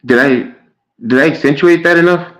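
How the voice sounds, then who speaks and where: A man's voice: on the high side, normal speed, low-quality recording. A man streaming live and chatting casually with his viewers, stumbling over his words and trading sarcastic jabs with chatters.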